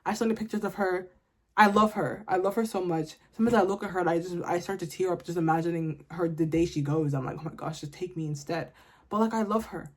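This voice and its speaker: A woman's voice: lowish voice, fast talker, a little mellow. Exasperated woman ranting. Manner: exasperated, blunt, comic ranting. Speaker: vlogger. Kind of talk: casual rant to camera.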